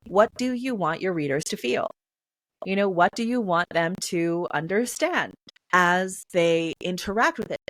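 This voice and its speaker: A woman's voice: mid-range voice, fairly bright tone, no echo. A woman answering interview questions about reading poetry aloud, chatty, with lots of fillers and playful sung sounds. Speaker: guest, poetry reader.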